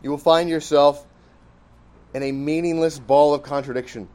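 Male preacher, somewhat higher voice, emphatic teaching sermon delivery. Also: steady tone, normal speed, darkish tone. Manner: emphatic, reasoning step by step.

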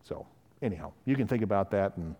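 A man's voice: deep voice, animated, a little fast, warm tone, in a large hall. A man preaching a sermon in a conversational way, often acting out the voices of people he quotes. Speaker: pastor.

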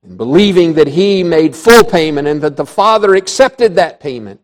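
A man preaching in church, his voice a touch higher than most men's. He delivers the sermon emphatically, climbing to loud declarations and then falling to soft, hushed lines. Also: lively intonation, moderate pace, few pauses. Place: church before a congregation.

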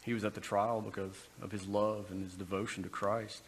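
A man's voice: fairly low pitch, level tone, a little fast. A man giving a conversational sermon, breaking into brief acted quotes. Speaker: preacher. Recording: long reverb in a hall, faint background noise.

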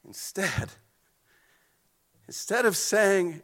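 A man's voice: high-pitched, expressive, unhurried, long pauses, sharp tone. A man preaching a sermon in an earnest way, often repeating words as he goes. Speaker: pastor.

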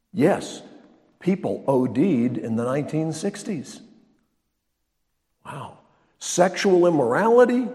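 Older male pastor, emphatic sermon delivery with loud-to-quiet swings; long church reverb. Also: a little high. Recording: long reverb of a large hall.

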